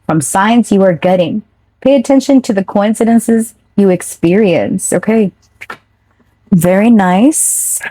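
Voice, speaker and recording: A woman's voice: mid-range voice, mellow, dry recording. A woman giving a casual, chatty tarot reading straight to her viewers, now and then swearing offhand. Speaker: tarot reader.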